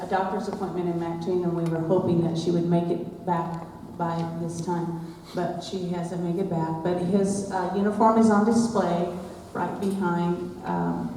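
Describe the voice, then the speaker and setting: A woman's voice: fairly low pitch, warm tone, slight background noise. A woman acting as host, making plain announcements at a ceremony. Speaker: event host. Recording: echoey hall from far off.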